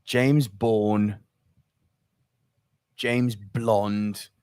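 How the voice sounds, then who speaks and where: A man's voice: fairly low pitch, fairly even intonation, extremely slow, a little mellow, smooth, no echo, studio quality. A young man co-hosting a movie podcast, ranting with plenty of profanity in casual chat. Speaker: podcast co-host.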